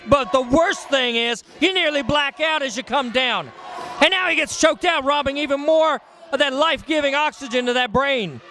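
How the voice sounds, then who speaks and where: A man calling wrestling play-by-play, excitable as he names each move. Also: very high-pitched. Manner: excitable, calls moves rapidly.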